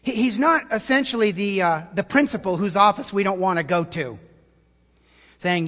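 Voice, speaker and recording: Man, pastor, high voice, animated sermon, hushed to shouting, long hall reverb. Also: moderate pace.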